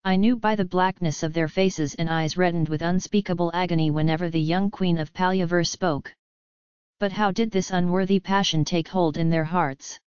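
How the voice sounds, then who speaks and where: A woman's voice: lowish voice, steady tone, moderate pace, a little mellow, clear, resonant tone, no room sound, highs cut off, lightly acted. A woman reading the part of a loyal older male king in an audiobook, earnest and pleading.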